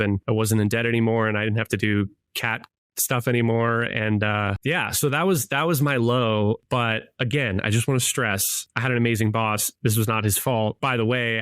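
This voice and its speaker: A man's voice: fairly low pitch, fairly bright tone, clean tone, no echo, clean studio sound. A man in his thirties co-hosting a podcast, telling a long story in a chatty, rambling way with many fillers and self-corrections. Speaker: podcast co-host. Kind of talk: casual conversational storytelling.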